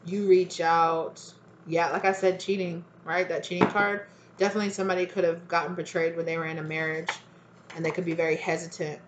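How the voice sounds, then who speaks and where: A woman's voice: lowish voice, little pitch movement, fairly quick, background noise. A woman giving a casual tarot reading, talking in a loose, chatty way and acting out what friends might say. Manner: chatty, acts out quoted friends with lots of "like". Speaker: tarot reader.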